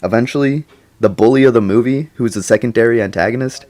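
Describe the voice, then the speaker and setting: A man's voice: mid-range voice, fast, darkish tone. A young man giving a casual, slangy movie reaction, rambling and laughing often. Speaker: YouTuber.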